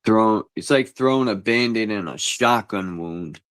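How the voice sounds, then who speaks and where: A man's voice: fairly low pitch, moderate pace, fairly bright tone, dry recording. A man in a casual chat, ranting bluntly in slangy, everyday talk.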